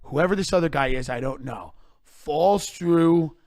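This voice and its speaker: High-voiced man ranting comedic stories. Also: a little slow, no echo. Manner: animated, emphatic ranting with profanity. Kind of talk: podcast comedic storytelling.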